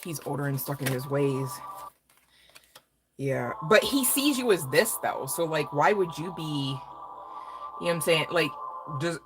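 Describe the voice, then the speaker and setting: A woman's voice: low-pitched, lively intonation, a little slow, pauses often, music in the background, low-quality recording. A woman giving a casual live tarot reading, rambling and swearing freely with laughing asides. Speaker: tarot reader.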